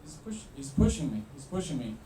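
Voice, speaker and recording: A man quoting a male manager who speaks softly and soothingly, trying to calm a fight down. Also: fairly high pitch, roomy sound, a little hiss or hum, voice pushed down, low-quality recording. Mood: pleading. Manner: soft, soothing and hurried. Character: placating male manager, anxious to calm things.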